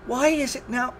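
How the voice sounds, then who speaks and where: A man's voice: very high-pitched, fairly bright tone, slight background noise. A man commentating his own gameplay on a live stream, exasperated, swearing and groaning at the game.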